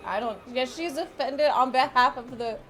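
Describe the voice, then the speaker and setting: A woman's voice: high-pitched, a bit bright. A woman streamer chatting casually with her viewers, rambling and often cutting herself off mid-sentence. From United States. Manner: chatty, rambling, self-interrupting.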